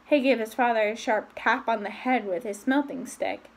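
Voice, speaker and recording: A woman casually reading a novel aloud, breaking off for her own asides and lifting her voice for the characters' lines. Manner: reads quickly with asides, raising pitch for quoted voices. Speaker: reader.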